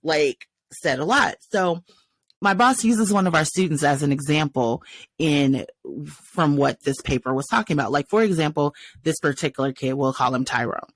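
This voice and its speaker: A woman's voice: low-pitched, normal speed, no room sound. A woman co-hosting a podcast, telling a work story with laughs and acting out what others said. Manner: animated, retells a workplace story acting out others' lines. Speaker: podcast co-host. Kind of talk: casual storytelling chat. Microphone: podcast microphone.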